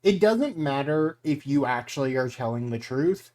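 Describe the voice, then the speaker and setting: Measured young man analyzing reality TV. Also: mid-range voice, expressive, a little mellow. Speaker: podcast co-host. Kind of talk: casual reality-TV recap chat.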